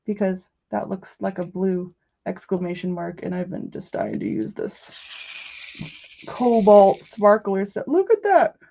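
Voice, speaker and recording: A woman's voice: medium pitch, gravelly, dark tone, dull audio. Giggly woman chatting on a craft stream. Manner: chatty, giggly, jokey with viewers. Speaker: crafting livestream host. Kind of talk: casual livestream chat while crafting. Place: rural home.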